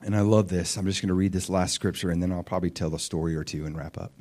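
A man preaching a sermon with animated, emphatic delivery and frequent questions to his listeners. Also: deep voice, fast talker.

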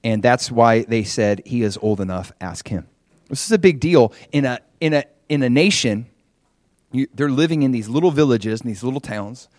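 Preacher, middle-aged man, animated storyteller who jumps into the characters' voices, dry close sound. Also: medium pitch, moderate pace, no echo. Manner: animated, acts out quoted voices, conversational asides. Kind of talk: sermon retelling a scripture story.

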